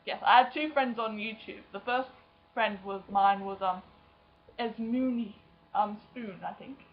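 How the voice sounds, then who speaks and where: A young woman vlogging in casual chat, self-mocking and quick to act out other people's voices. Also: medium pitch. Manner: chatty and self-mocking, acting out friends' voices. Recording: dull lo-fi webcam sound.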